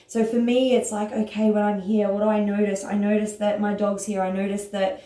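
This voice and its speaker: A woman who teaches yoga and writes, talking casually and earnestly to her followers about self-compassion, at times rushing with excitement and then slowing herself down. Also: mid-range voice, echoey room. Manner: excited, earnest, speeds up and slows down.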